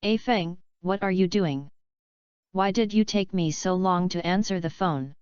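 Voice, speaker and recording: A woman's voice: lowish voice, a little slow, a little mellow, smooth, dry recording, close to an everyday voice. A woman voicing a scheming middle-aged father from a wealthy family, pushy and eager, in a dull lo-fi recording.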